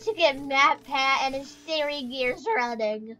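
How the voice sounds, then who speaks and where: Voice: high voice, unhurried, pushed and bright, soft background music, low-quality recording. A performer voicing a sulking, forgotten male animatronic bear in a comedic skit, talking in a whiny, rambling, self-pitying way. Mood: indignant.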